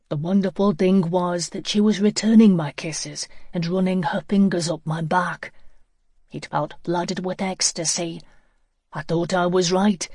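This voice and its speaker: Audiobook narrator, first-person novel, measured, reflective, dry close sound, middle pitch. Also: darkish tone, slightly rough, no echo.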